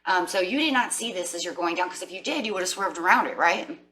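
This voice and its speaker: A woman's voice: lowish voice, quick pace, low-quality recording. A woman giving a casual, chatty tarot reading to her viewers, often acting out what people say to themselves. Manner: chatty, animated, acts out inner voices. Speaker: tarot reader.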